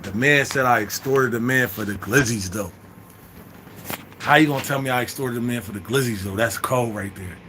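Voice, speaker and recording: A man in his thirties telling a prison story in an animated, profane, slang-heavy way, with lots of restarts. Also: medium pitch, normal speed, background noise. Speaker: vlogger. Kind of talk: storytime monologue.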